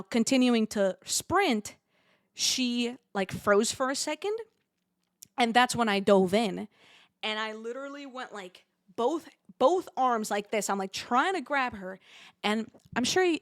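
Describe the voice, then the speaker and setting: A young woman streamer telling a rambling, animated story in a casual way, full of fillers and asides. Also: a little high, dry recording, studio quality.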